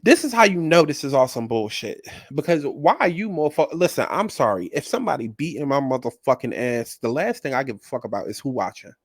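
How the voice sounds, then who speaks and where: A man's voice: mid-range voice, big pitch swings, brisk, hardly any pauses, no echo. A man hosting a reaction commentary channel, blunt, profane and sassy as he riffs on a clip.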